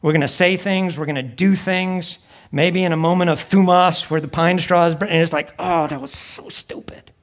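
A man's voice: high-pitched, steady tone, normal speed. A middle-aged male pastor preaching a sermon in a conversational way, acting out the voices of people he quotes.

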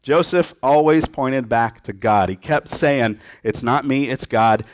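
Animated male preacher acting out scripture. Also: medium pitch, measured pace, dry recording. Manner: lively storytelling, acts out quotes in voices. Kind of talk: sermon.

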